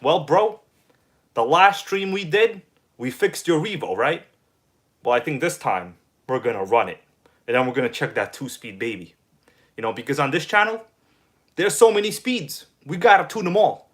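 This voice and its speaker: A man hosting a casual live stream and chatting with his audience, animated and quick to flare up with irritation. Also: mid-range voice. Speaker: livestream host.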